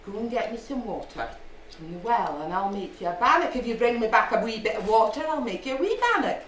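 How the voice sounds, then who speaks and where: A quick-talking Scottish mum, as a woman puts her on. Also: a little high, big pitch swings, a little hiss or hum. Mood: bargaining. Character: bargaining Scottish mother. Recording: echoey room from far off.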